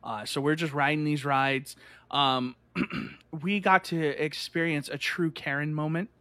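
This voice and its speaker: A man telling a lively story in casual chat, full of "like" and acted-out voices. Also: fairly high pitch, measured pace, dry recording. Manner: animated, fillers of "like", acts out voices.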